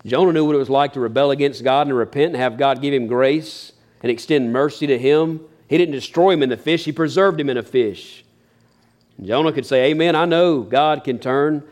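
A man's voice: medium pitch, a little fast, darkish tone. A man preaching a sermon as a pastor, folksy and earnest, building emphasis as he goes.

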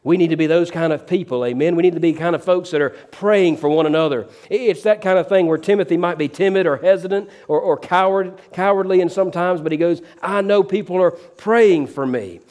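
A preaching pastor with a voice sitting somewhat high for a man. He speaks in a sermon cadence, tossing "amen?" to the congregation and leaning into the quoted lines with shifts in pace and loudness. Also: brisk, hardly any pauses.

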